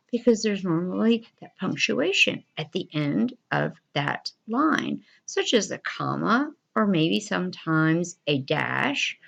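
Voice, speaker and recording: A woman teacher giving a recorded reading fluency lesson, encouraging and deliberate, with expressive pauses. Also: fairly low pitch, vocal fry. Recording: dull lo-fi recording.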